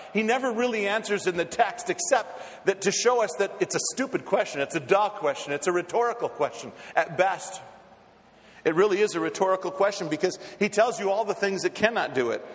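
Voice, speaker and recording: A man preaching a sermon with a fairly high voice, moving from hushed and soft to loud and fervent, and often repeating words as he starts a phrase. The sound carries a long reverb from a large hall. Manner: impassioned, swings from hushed to loud. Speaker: pastor.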